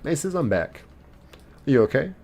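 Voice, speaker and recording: A man's voice: medium pitch, big pitch swings, moderate pace, darkish tone. A man live streaming a game, reading viewers' chat messages aloud and answering them playfully. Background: faint game music.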